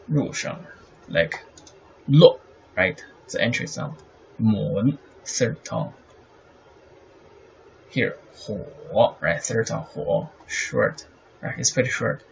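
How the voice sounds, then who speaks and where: A man teaching the meter of Chinese poetry, halting with many fillers and checking "right?" often. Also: on the low side, vocal fry, slightly rough. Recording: slightly dull sound with faint noise.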